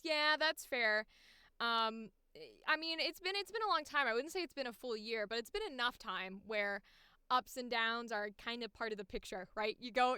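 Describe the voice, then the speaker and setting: A woman's voice: on the high side, sharp tone, smooth, dry recording, clean studio sound. A woman chatting casually on a live stream about her voice acting takes, often breaking into giggles. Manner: giggly, bursts into squealing laughs. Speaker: voice actor streaming auditions.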